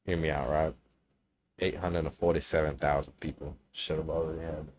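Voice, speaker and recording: A man's voice: rumbling low, level tone, fairly quick, a little mellow, slight background noise. A young man co-hosting a podcast in casual chat, laid-back and slangy, swearing freely. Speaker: podcast co-host.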